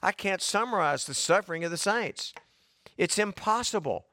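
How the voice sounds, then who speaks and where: A pastor preaches in a folksy, conversational way, building to emphatic repeated lines. His voice sits a bit high and sounds slightly worn and short of breath. The sound is close and dry. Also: lively intonation, normal speed, sharp tone, dry recording. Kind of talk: sermon.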